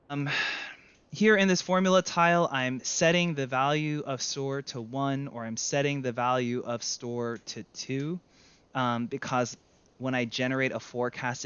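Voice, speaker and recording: A man's voice: medium pitch, clear, resonant tone, dull audio. A man teaching a screen-share tutorial in a conversational way, correcting himself as he goes. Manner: conversational, self-correcting, lively. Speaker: data instructor.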